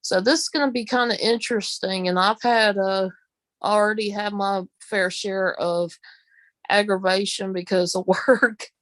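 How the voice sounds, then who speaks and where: A woman with a Southern US accent, chatting casually on a live stream, rambling with many pauses and ums while greeting viewers. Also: mid-range voice, steady tone, no echo. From Southern United States. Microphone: phone.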